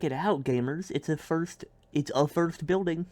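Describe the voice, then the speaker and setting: A man's voice: on the high side, lively intonation, moderate pace, few pauses. Goofy rambling man streaming a game. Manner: goofy, rambling, bursts of silly loud outbursts. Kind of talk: casual gameplay commentary.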